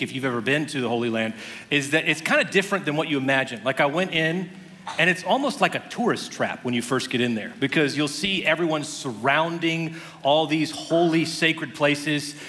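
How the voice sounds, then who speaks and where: Bright, forceful male pastor preaching. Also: mid-range voice. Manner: conversational storytelling with humorous asides. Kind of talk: sermon. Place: church sanctuary. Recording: long hall reverb.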